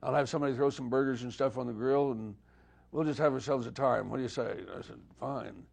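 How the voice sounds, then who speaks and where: An older man telling stories in a relaxed, anecdotal way during an interview, acting out the dialogue he quotes. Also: mid-range voice, quick pace, vocal fry. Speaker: guest musician. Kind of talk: storytelling interview.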